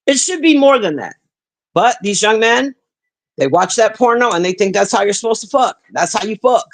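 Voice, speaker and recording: A woman's voice: a little high, animated, normal speed. Blunt, profane woman ranting on stream. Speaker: livestreamer reading chat. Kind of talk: casual livestream rant.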